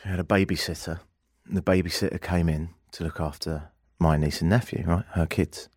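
A man hosting a radio talk show, telling a story in a casual, animated way and acting out the people in it. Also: sits low, moderate pace, breathy edge, no room sound, clean studio sound. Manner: animated storyteller, acts out quoted voices. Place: radio studio.

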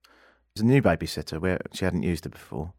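A man hosting a radio talk show, telling a story in a casual, animated way and acting out the people in it. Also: low-pitched, quick pace, vocal fry, no room sound, clean studio sound. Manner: animated storyteller, acts out quoted voices. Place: radio studio.

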